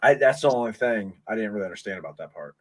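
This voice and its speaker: A man hosting a casual podcast, talking in an excitable, rambling way full of restarts, into a desk mic. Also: fairly low pitch, fast. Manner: excitable, rambling fan talk with many restarts. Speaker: podcast host. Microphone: desk microphone.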